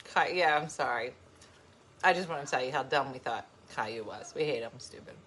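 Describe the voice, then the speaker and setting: A woman's voice: rumbling low, a little fast, a bit bright, a little hiss or hum. A woman vlogging at home in casual chat, rambling and playfully grumpy while sharing snacks with her dogs.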